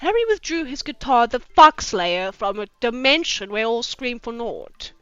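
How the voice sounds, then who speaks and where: A woman's voice: on the high side, lively intonation, normal speed, smooth, no echo. A woman from South Africa, reading fanfiction aloud on a live stream and mocking it with sweary, incredulous asides. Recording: dry, slightly dull home stream audio.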